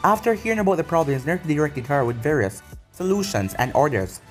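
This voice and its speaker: Brief: male story reader, fairly high voice, faint music underneath. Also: expressive, fast talker. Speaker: story narrator. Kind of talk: reading fan fiction aloud.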